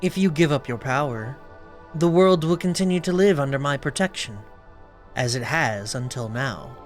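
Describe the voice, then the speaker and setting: A man reading aloud the lines of a calm, commanding female goddess from a video game, in a lowered, solemn voice. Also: moderate pace, faint music behind, close to an everyday voice.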